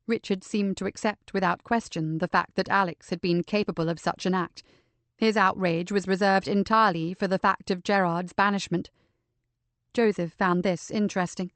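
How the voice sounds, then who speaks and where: An audiobook narrator reads a crime novel aloud in scripted narration, her middle-pitched voice steady and measured. The recording is close and dry, with no echo or room sound.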